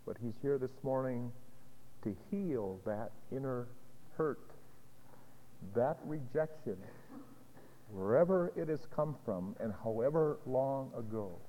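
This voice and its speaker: Slow dramatic male pastor's sermon, long pauses, echoey hall, muffled recording. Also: mid-range voice, expressive, slight background noise.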